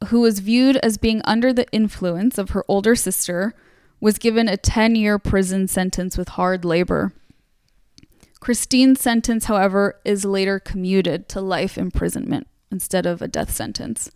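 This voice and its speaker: A woman's voice: mid-range voice, unhurried, a little mellow, clear, resonant tone, no room sound, clean studio sound. A woman hosting a casual true-crime podcast, retelling a case in a conversational way with plenty of fillers. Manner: conversational storytelling, many fillers. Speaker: podcast host.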